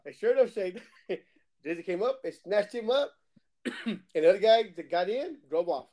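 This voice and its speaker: A man chatting casually on a podcast, telling lively gaming stories and mimicking other players' voices. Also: sits high, moderate pace, long pauses, low-quality recording. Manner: animated storyteller who acts out other players' voices and swears. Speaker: podcast co-host. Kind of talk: casual chat, storytelling.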